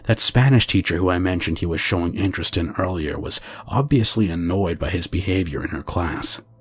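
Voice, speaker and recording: A man with a low, deep voice narrates a true scary story as scripted narration. His delivery is steady and measured as he reads it aloud. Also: slightly rough.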